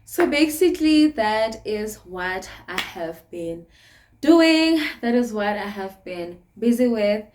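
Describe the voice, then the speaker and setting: A woman's voice: mid-range voice, lively intonation, slow, a little mellow, a little hiss or hum. A young woman with a South African accent chatting casually to camera in a sit-down vlog, laughing often between phrases. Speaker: vlogger.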